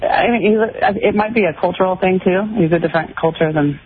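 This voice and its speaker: A woman's voice: fairly low pitch, quick pace, a little hiss or hum. A woman calling in to a radio show, hesitant and filler-heavy as she talks. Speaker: caller. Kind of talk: call-in radio conversation. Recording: tinny phone line.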